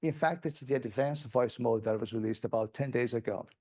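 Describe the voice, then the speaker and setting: A man's voice: medium pitch, a little fast, a little mellow, husky. A man giving a plenary conference presentation, speaking in an enthusiastic, conversational way with many restarts.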